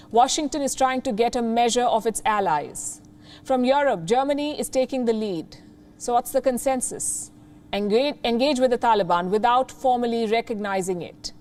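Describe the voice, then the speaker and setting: A woman's voice: fairly high pitch, a little mellow, slight background noise. Pointed Indian woman news anchor. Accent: Indian English. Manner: pointed, rhetorical questions. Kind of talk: scripted news commentary.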